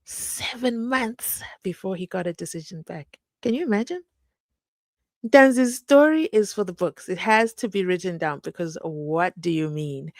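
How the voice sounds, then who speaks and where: A lively South African woman with a fairly high voice hosts a casual live stream. She chats to her audience in an animated way and acts out the voices of the people she talks about. The sound is close and dry. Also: no echo. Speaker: host.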